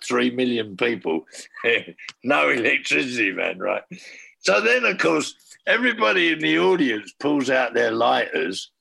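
Man, raspy gravel, sharp bright tone, swearing storyteller, lively anecdote. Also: medium pitch. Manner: profane, animated storyteller. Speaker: former band manager telling a tour story. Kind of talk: casual anecdote.

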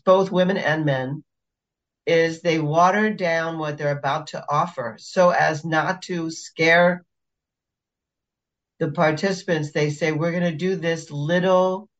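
A woman's voice: deep voice, highs cut off. A woman podcast co-host who works as a facilitator, talking in a casual, emphatic and exasperated way. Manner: emphatic, exasperated about pet peeves. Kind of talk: casual chat.

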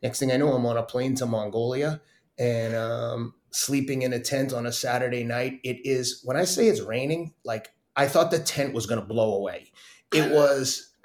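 Animated middle-aged man telling stories. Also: medium pitch, reverberant. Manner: animated, laughing, acts out quotes. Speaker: podcast guest, runner. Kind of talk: casual storytelling interview.

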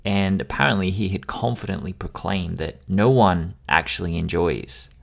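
A man with a low, gravelly voice co-hosting a podcast, spinning casual anecdotes. He laughs a lot and swears freely as he talks. His tone is relaxed and conversational throughout. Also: normal speed. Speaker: podcast co-host.

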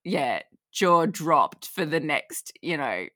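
A woman's voice: low-pitched, sing-song, slow, pushed and bright, dry recording, studio quality. An Australian woman co-hosting a podcast, talking animatedly and laughing often as she trails off mid-thought. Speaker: podcast co-host. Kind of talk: casual chat.

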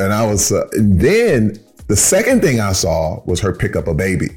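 Man, 50s, from Flint Michigan, low voice, hesitant, self-deprecating, faint music behind. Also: huge pitch swings, moderate pace, a little mellow, husky. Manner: hesitant, self-deprecating, many restarts and fillers. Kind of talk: casual storytelling chat.

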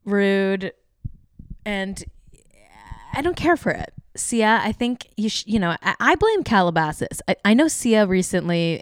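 A woman's voice: lowish voice, smooth, dry recording, studio quality. A woman hosting a show, giving sarcastic, casual celebrity gossip commentary, full of fillers. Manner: chatty, sarcastic, many fillers. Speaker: podcast host.

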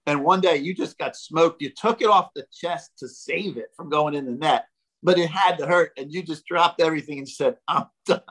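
Older man telling lively stories. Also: a little high, rough recording. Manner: animated, jokey storyteller who acts out quotes. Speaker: podcast guest, former baseball player. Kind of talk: casual storytelling.

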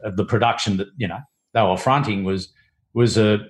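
An Australian man, a former cricketer who became a TV producer, reminisces in casual storytelling. His voice is on the low side with fairly even intonation and a moderate pace, and he rambles, restarting often and using many fillers.

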